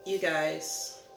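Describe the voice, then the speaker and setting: With a low, creaky voice, a woman talks casually to camera on her Christian ministry channel, giving earnest, rambling, self-reflective encouragement. The sound is roomy and echoey, with faint music in the background.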